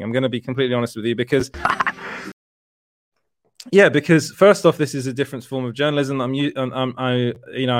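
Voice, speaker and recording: A man's voice: medium pitch, no room sound, studio quality. Rambling British man hosting a livestream. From Britain. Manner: rambling, self-correcting, laughs often. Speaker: host. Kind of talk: casual livestream chat.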